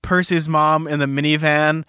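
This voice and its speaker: A man co-hosting a casual book podcast, talking in an animated, jokey way. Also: on the high side, normal speed, clean tone, dry recording, studio quality. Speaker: podcast co-host.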